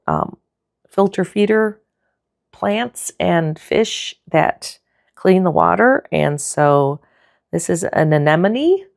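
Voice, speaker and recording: A woman giving a relaxed, chatty tour of her art sketchbook, with frequent fillers and self-corrections. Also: fairly low pitch, creaky, dry recording, clean studio sound. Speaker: art vlogger.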